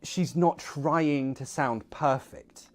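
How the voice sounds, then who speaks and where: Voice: medium pitch, slow pace, darkish tone, faint music behind. Upbeat dialect coach presenting a video.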